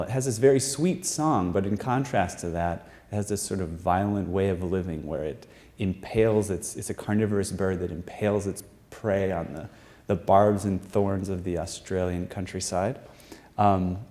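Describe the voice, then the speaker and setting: An American man lectures from a stage, working through his points with many fillers and repeated words. His voice sits low and sounds mellow and relaxed. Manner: halting, many fillers and restarts, explanatory. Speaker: researcher presenting his study. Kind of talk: live lecture presentation. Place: performing arts center stage.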